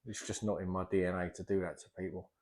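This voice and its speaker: A man's voice: deep voice, level tone, quick pace, darkish tone. A middle-aged man, a plasterer chatting casually in a vlog as he works and rambling off topic. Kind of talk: casual vlog talk while working.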